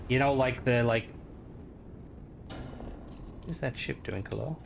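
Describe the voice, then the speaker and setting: A young man with an Irish accent talks his way through a space game on stream. His pitch sits in the middle range, and his talk rambles along in loose, filler-heavy commentary. A faint hiss of noise sits under the voice. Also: lively intonation, slow, creaky, pauses often. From Ireland. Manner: rambling, chatty, full of filler words. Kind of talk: casual gameplay commentary.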